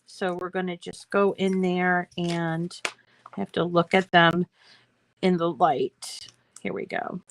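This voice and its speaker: A woman's voice: fairly low pitch, fairly even intonation, slow pace, poor audio. An older woman hosting a crafting video, chatting in a rambling, self-deprecating way while she works. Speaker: crafting channel host. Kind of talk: casual crafting tutorial chat.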